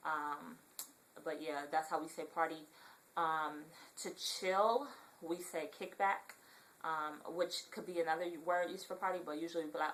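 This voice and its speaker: This vlogger, a young woman from Southern California, chats in a relaxed, meandering style full of ums. Her voice is low-pitched, nasal and congested, carrying a Southern Californian accent at a moderate pace. Audio is poor, with slight background noise.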